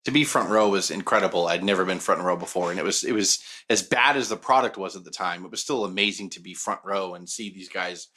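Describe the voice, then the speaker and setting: A man's voice: low voice, fast, few pauses, bright, forceful tone, husky. A man co-hosting a podcast and telling a casual, profane, joking story. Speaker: podcast co-host.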